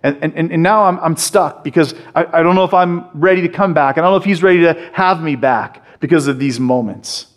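A male pastor delivers a sermon in a fairly high voice, passionate and emphatic. He keeps restarting phrases as he drives each point home. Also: fairly quick, few pauses.

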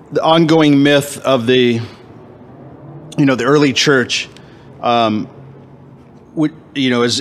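A man leading a men's Bible study, talking casually with lots of fillers, restarts and wry humor, at times while eating. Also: medium pitch. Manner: halting, many fillers and restarts, self-deprecating humor. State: eating, talking with food in his mouth.

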